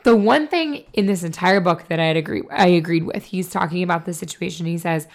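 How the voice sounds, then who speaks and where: A woman co-hosting a podcast, hoarse from a cold, talking casually and bluntly with lots of fillers and swearing. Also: fairly low pitch, a little fast. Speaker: podcast co-host. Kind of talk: casual chat.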